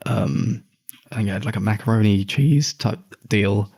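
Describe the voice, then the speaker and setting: Gravelly, low-voiced young man. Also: measured pace. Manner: swearing, animated storytelling. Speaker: podcast co-host. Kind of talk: casual chat.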